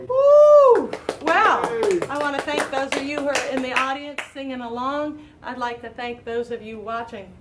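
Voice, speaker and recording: Woman, late 50s, talk show host; chatty and self-deprecating, high-pitched, recorded with a distant mic. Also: steady tone, moderate pace, hardly any pauses, very noisy. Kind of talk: casual chat to a live audience. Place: live talk show with a small audience.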